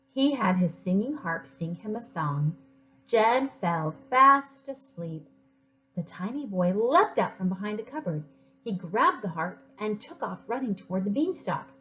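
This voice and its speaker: Woman teacher reading to kids, super lively up and down voice, dull lo-fi mic. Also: mid-range voice, moderate pace. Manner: expressive, animated, encouraging. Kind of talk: reading a story aloud to children.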